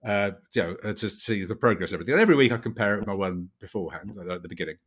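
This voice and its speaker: A man's voice: fairly low pitch, rapid-fire, fairly bright tone, breathy edge. A man co-hosting a podcast, telling stories in a rambling, stammering way. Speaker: podcast co-host. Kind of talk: casual chat.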